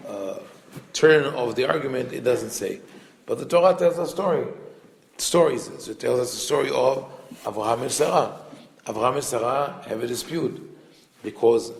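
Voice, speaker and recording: A man teaches a Torah class as a rabbi, his voice carrying a gravelly edge. He explains thoughtfully, pausing on fillers and restarting phrases. The room around him is echoey. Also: mid-range voice.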